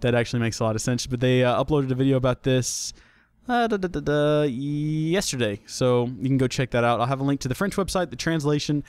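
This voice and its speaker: A man's voice: medium pitch, fairly even intonation, quick pace, hardly any pauses, clear, resonant tone, dry recording. A young man hosting a casual solo podcast, chatty and jokey, often restarting his sentences. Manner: chatty, jokey, self-deprecating, with many restarts. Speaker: podcast host.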